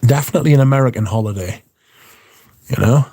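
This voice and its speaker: Male streamer, rambling and sweary, dry close sound, mid-pitched voice. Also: fast talker, dark tone, dry recording. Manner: rambling, profane, wry. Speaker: livestream host. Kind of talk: casual chat, reading viewer comments.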